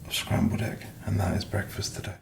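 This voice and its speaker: A man's voice: a little fast, a little hiss or hum. A man chatting casually and swearing freely while cooking in his kitchen, talking through his day as a musician. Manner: chatty, sweary, self-deprecating. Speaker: musician vlogger. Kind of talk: casual rambling vlog. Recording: echoey kitchen with faint clatter.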